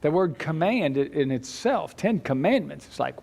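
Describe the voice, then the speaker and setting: A man teaching a church Bible class in a conversational way, with halting restarts and light chuckles. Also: on the high side, animated, vocal fry, darkish tone.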